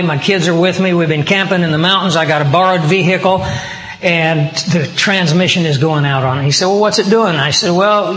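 A man's voice: sits high, a bit bright. A male pastor preaching a sermon as a personal story, talking conversationally and acting out the dialogue he quotes. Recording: roomy hall with long reverb.

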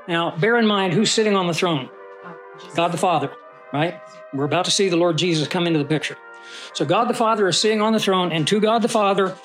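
A man with a fairly high voice leads a Bible class in a relaxed, conversational way. He reads scripture aloud with rising emphasis and keeps asking his listeners questions. Soft music plays faintly underneath. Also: brisk. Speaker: Bible teacher. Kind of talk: conversational Bible study teaching.

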